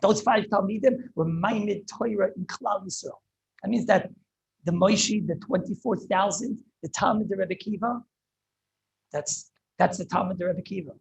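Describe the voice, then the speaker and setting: A man, a rabbi, giving an impassioned Torah lecture over a video call, often halting and repeating words as he searches for them. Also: sits high, gravelly, husky, rough recording. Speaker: rabbi teaching a class.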